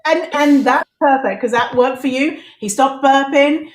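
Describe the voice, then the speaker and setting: A woman's voice: high voice, measured pace. A woman hosting a podcast, talking candidly and laughing easily in casual chat. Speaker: podcast host. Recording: echoey room.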